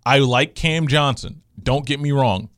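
A man's voice: mid-range voice, unhurried, a bit bright, no room sound, studio quality. A man co-hosting a casual sports podcast, sarcastic and riled up, mocking other people's jokes. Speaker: podcast co-host.

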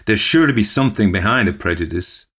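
A man's voice: lowish voice, expressive, fast, fairly bright tone, pitched above the performer's own voice. A man voicing a friendly, earnest old small-town man giving grave advice. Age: older.

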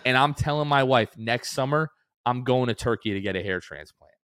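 A young man in his twenties co-hosts a casual sports podcast, telling stories with animated energy and jumping high in pitch when he acts out other people's lines. His voice sits at a middle pitch and is recorded dry and close to the mic. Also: brisk, clean tone, no room sound. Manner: animated storyteller, acts out quotes with big pitch jumps. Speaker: podcast co-host.

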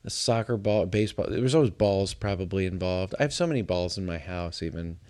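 A man's voice: deep voice, fast talker. A middle-aged man hosting a podcast, telling stories in casual chat and joking with his co-host. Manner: joking, animated storytelling, reads listener tweets aloud.

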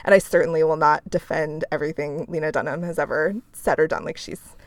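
A woman's voice: low-pitched, steady tone, fairly quick, no echo. A woman co-hosting a casual chat, talking in a thoughtful, chatty way. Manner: thoughtful, chatty, laughs easily. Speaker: podcast co-host.

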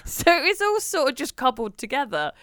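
A woman's voice: high voice, very animated, brisk, fairly bright tone, no room sound, clean studio sound. A young woman, co-hosting a podcast in casual chat and telling stories with lots of giggles. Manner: chatty, giggly storytelling. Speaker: podcast co-host.

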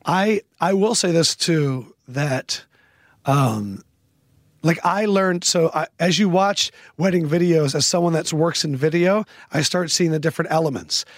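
High-voiced man telling rambling stories. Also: measured pace, dry recording, clean studio sound. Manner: rambling storyteller who acts out quotes. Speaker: podcast host. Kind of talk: casual chat.

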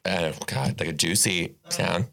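A man's voice: sits low, fairly quick, creaky, bright, forceful tone. A man hosting a casual chat, throwing in short reactions and jokes. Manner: short reactive interjections, laughs along.

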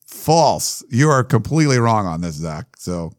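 Sports podcast co-host, man, lowish voice, dry close sound, easygoing banter. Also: sing-song, unhurried, dry recording. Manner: loose, reads listener questions with asides. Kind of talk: casual sports chat.

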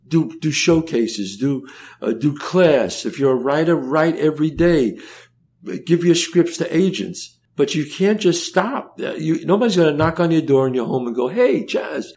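Storytelling older man acting out dialogue. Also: on the high side. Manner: animated storyteller, acts out dialogue, repeats words. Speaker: guest. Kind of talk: conversational storytelling interview.

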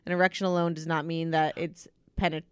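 A woman's voice: sits low, little pitch movement, a little fast, smooth, no echo, studio quality. Crude, laughing woman podcast co-host. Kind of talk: casual chat.

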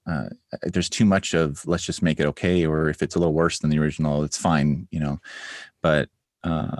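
A man's voice: extremely low pitch, no room sound, studio quality. A man, a music producer, giving rambling interview answers with many fillers and restarts.

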